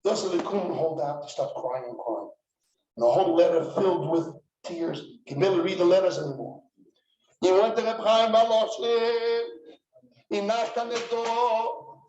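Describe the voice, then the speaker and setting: Yeshiva head, animated storytelling lecture, very high voice; dull sound. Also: male voice, normal speed, slight background noise. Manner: animated, dramatic retelling. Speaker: rosh yeshiva. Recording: echoey room, dull sound.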